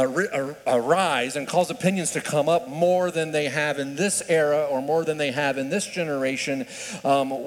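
Animated preacher man in a reverberant hall. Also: medium pitch. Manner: conversational preaching with frequent rhetorical questions; stumbles and restarts mid-sentence. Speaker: pastor. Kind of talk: sermon.

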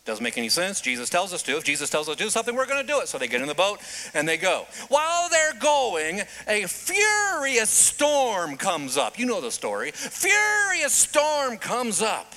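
Male preacher, lively sermon storyteller, bright voice that swings all over. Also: high-pitched. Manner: animated storytelling, dramatic pauses.

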